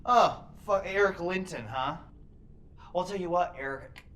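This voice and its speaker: An actor playing a volatile, profane male home invader in film dialogue, swinging between low muttering and shouted threats. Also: normal speed, a little hiss or hum. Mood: menacing.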